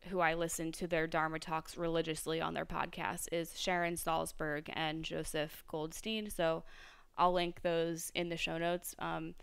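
Woman, young adult, podcast host, solo monologue, rambling and reflective, very smooth voice, flat low delivery. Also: no echo. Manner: reflective, rambling, many fillers and restarts.

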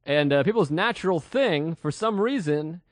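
Male podcast co-host, slightly high voice, dry close mic, casual profane musing. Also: lively intonation, normal speed, no echo. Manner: loose, profane, mock-philosophical musing. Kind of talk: casual chat.

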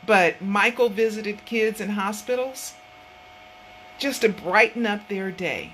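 A woman's voice: mid-range voice, takes it slowly, a bit bright, a little hiss or hum, poor audio. A woman hosting her own online show, talking casually from her home office in an earnest, rambling way, often repeating herself. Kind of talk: casual vlog talk.

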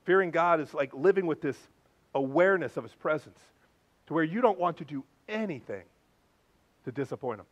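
A male pastor preaching a sermon in an animated, conversational way with playful asides. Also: a little high, brisk, lo-fi sound.

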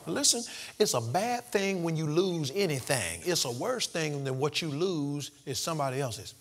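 A man's voice: on the high side, lively intonation, a little fast, a bit bright. A man preaching a revival sermon in a church, emphatic and calling on the congregation to answer back. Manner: emphatic, calls for congregation response. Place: church sanctuary.

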